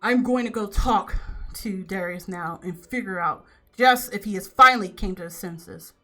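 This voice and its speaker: A woman's voice: medium pitch, normal speed, sharp tone, soft background music. A woman voicing a stern, haughty old noble grandfather who scoffs and gives cold commands. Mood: curt.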